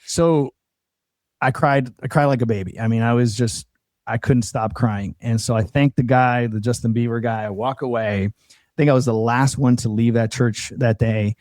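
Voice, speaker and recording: A man from Colombia tells his life story as a guest on a talk show, earnest and conversational. His voice is mellow and warm. The sound is close and dry, with no room around it. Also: medium pitch, fairly even intonation, normal speed, no room sound. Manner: earnest storytelling, quoting others in dialogue. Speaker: podcast guest. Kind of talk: personal testimony in casual conversation.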